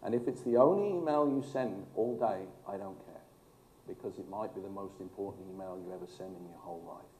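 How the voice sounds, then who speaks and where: A man's voice: low voice, brisk, warm tone, a little hiss or hum. A man, a former fire chief, telling emphatic stories with dry humor in a speech to an audience. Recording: echoey hall.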